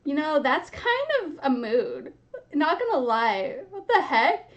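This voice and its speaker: A woman's voice: sits high, very animated, slow pace. A young woman hosting a casual book reaction, chatty and giggly, often laughing mid-sentence. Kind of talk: casual reading reaction chat.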